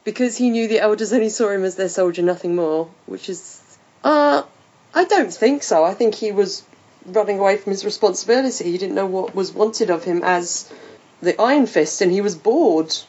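A woman hosting a casual podcast chat, chatty and quick to laugh, thinking aloud with fillers. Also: medium pitch, a little mellow, husky. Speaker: podcast host. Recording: muffled lo-fi podcast audio.

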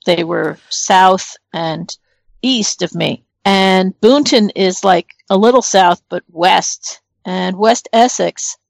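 A middle-aged woman from New Jersey chats on a podcast over a remote call. She rambles, thinks out loud and fills pauses with "um" and "uh." Her voice sits at an ordinary pitch for a woman and sounds close and dry, with no room around it. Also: gravelly, no echo. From northern New Jersey. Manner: rambling, thinks aloud with many fillers. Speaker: podcast co-host. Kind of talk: casual chat.

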